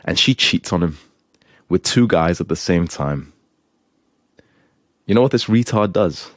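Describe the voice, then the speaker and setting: Blunt, profane young man with a low voice. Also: lively intonation, measured pace, no room sound, studio quality. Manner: crude, scolding, profane. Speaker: self-improvement advice host. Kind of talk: blunt advice monologue.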